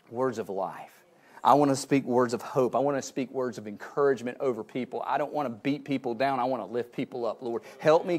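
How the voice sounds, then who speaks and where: A man preaching a sermon, swinging between loud exclaiming and soft hushed prayer, often repeating words and restarting phrases. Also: medium pitch. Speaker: pastor.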